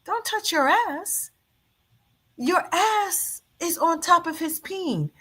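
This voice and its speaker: A woman's voice: very high voice, slow pace. A woman hosting a casual live stream, teasing and commenting on a video clip while greeting her chat. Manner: animated, teasing, talks back at the clip and the chat. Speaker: show host reacting to a video clip.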